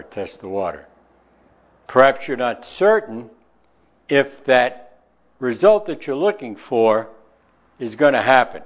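Man, preacher, sermon, folksy and conversational, drawn-out emphasis, mid-pitched voice, muffled lo-fi recording. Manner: folksy and conversational, slowing to stress key words. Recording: dull lo-fi recording.

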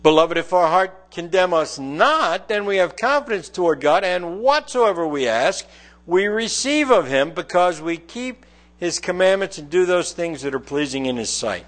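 A middle-aged man delivers a Bible teaching in a conversational manner. His voice sits somewhat high for a man. He reads verses aloud and then explains them plainly. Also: expressive, normal speed, a bit bright. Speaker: preacher.

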